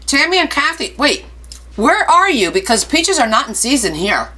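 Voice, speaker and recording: Bright-voiced woman chatting on a live stream. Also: high-pitched, sing-song, normal speed. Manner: chatty, reads viewer comments aloud and answers them; playful, jokey asides. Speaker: craft livestream host. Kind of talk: casual live-stream chat.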